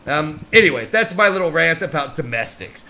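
Animated, profane man ranting casually. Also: fairly high pitch, brisk, vocal fry, a little hiss or hum. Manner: profane, animated, acts out both sides of a conversation. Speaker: podcast co-host. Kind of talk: casual storytelling rant.

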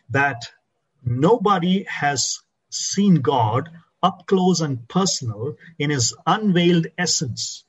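A pastor, a man with a slightly high, husky voice, delivers a sermon. He slows down and sinks low to press home key phrases. The recording sounds dull and lo-fi.

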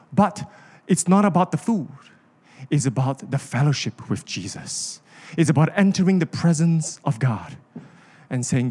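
A man's voice: on the high side, lively intonation, measured pace, a little mellow, slightly rough. A man, preaching a sermon with an impassioned, repetitive cadence. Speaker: pastor.

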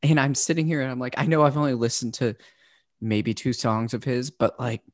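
A man's voice: medium pitch, level tone, no echo, studio quality. Opinionated man joking in casual chat. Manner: opinionated, joking, quick asides. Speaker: podcast co-host.

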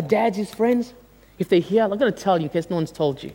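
Animated storyteller in his forties; bright high voice in a reverberant hall. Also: brisk. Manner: animated, self-mocking, many fillers. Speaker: speaker addressing an audience. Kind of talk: storytelling talk.

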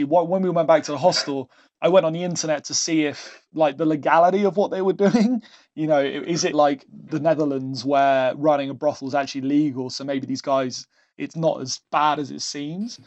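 A man guest on a podcast telling a story in a casual way, animated, often laughing and restarting his sentences. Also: a little high. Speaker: podcast guest, travel agent. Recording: dull lo-fi sound.

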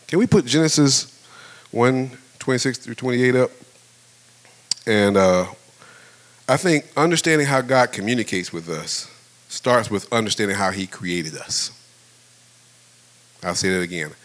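A man in his fifties preaching a sermon in a relaxed, conversational way, telling a personal story and often breaking into laughter. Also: deep voice. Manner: conversational, animated, laughs often, acts out voices. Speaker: pastor.

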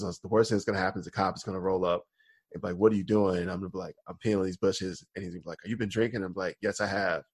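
A man's voice: deep voice, breathy edge, no echo. A man co-hosting a podcast, telling a rambling story in casual chat with lots of fillers and laughter. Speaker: podcast co-host.

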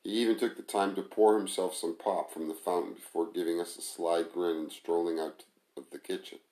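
Man reading a first-person story, really low voice, echoey room. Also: fairly even intonation, a little fast, dark tone. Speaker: narrator. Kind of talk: first-person audiobook narration. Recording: roomy echo.

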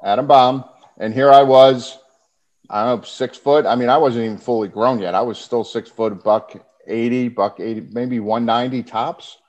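A man's voice: mid-range voice, steady tone, normal speed, a little mellow. A man who is a former pro wrestler, a podcast guest telling stories casually and animatedly, often laughing as he talks. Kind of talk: casual storytelling. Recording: muffled lo-fi podcast audio.

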